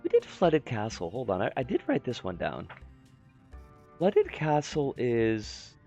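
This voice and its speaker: A man's voice: wildly swooping pitch, unhurried, creaky, warm tone, muffled recording, faint music behind. Man with a wildly swooping voice. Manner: rambling, jokey, swoops in pitch. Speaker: streamer. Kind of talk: casual game-stream chat.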